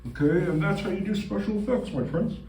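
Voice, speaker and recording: A man's voice: high-pitched, fairly quick, creaky, mellow, distant mic. A man doing goofy improvised comedy sketches in a playful, silly way, saying "okay" a lot. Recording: roomy echo.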